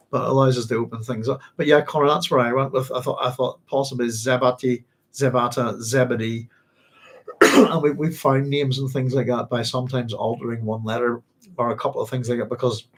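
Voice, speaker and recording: A chatty Northern Irish man hosting a book discussion on a livestream. His voice has a husky, slightly rough edge. He rambles and corrects himself, thinking out loud as he goes. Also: medium pitch. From Northern Ireland. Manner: rambling, chatty, many fillers and self-corrections. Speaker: book club host.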